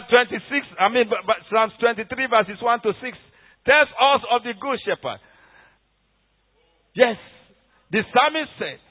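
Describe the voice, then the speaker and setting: A high-voiced male preacher delivers his sermon with fervor, surging into loud emphatic bursts and then dropping to hushed prayer. His voice comes through thin and tinny, like a phone line, and rings out with a long hall reverb.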